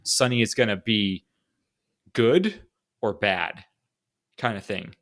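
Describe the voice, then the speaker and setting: A man's voice: lowish voice, expressive, slow pace, a bit bright. A man co-hosting a podcast in casual chat, rambling and joking, laughing often. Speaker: podcast co-host.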